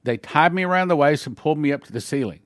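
A fast-talking man with a fairly high, fairly bright voice and lively intonation delivers an earnest sermon testimony. Telling his story plainly with small slips, he acts out others' voices in shifting tones. The audio is studio quality without echo.

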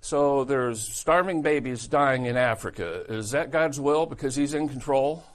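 A man's voice: mid-range voice, measured pace. A male pastor preaching a sermon in a blunt, folksy, conversational way.

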